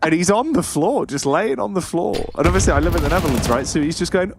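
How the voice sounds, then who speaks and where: An esports caster with a slightly high, gravelly voice talks fast with hardly any pauses. He's an animated storyteller in casual co-commentary banter, laughing a lot and swearing casually, against a noisy background.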